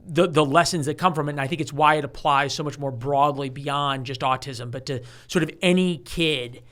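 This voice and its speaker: A guest author in his forties tells a story during an interview, speaking at normal speed in a voice on the high side. He's animated, often restarts, and imitates the voices of the people he quotes.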